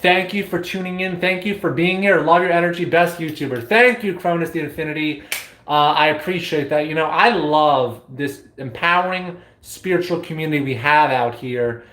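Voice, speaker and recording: A man with a somewhat high voice chats on a casual spiritual live stream, playful and giddy, with loud whoops and bursts of laughter. His voice rings in an echoey room, picked up by a webcam or phone mic. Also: moderate pace.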